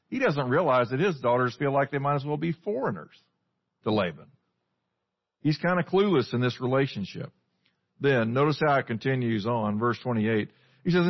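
A man's voice: mid-range voice, lively intonation, normal speed. A man, preaching a conversational sermon, putting scripture into everyday words and asking his listeners questions. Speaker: pastor. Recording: dull lo-fi sound.

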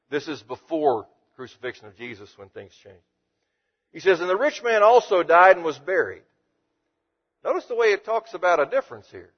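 A preacher with a mid-range voice teaches through Bible verses conversationally, reading each passage aloud and then paraphrasing it in his own words. The audio sounds dull.

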